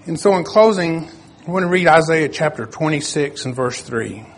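An older man giving a sermon in a plain, conversational way, reading scripture aloud and pausing to find his verses. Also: on the high side, lively intonation, slight background noise. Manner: searches for verses, self-correcting. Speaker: preacher.

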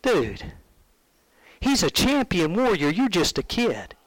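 A man's voice: high voice, huge pitch swings, slow pace, no room sound, heavily acted. A man doing a blunt, doubtful king.

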